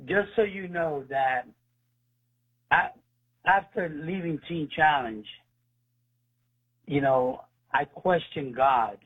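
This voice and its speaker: A man's voice: on the high side, takes it slowly, long pauses, slightly rough. Earnest man on a tinny phone line. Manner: earnest, retells dialogue with voices. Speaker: ministry leader, guest. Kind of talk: telling a personal testimony.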